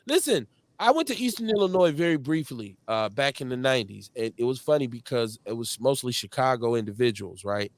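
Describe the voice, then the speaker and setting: Animated Milwaukee man hosting a live show. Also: medium pitch, brisk, few pauses, no echo. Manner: animated storytelling, slangy, lots of shout-outs. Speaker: host. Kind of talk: live show casual chat.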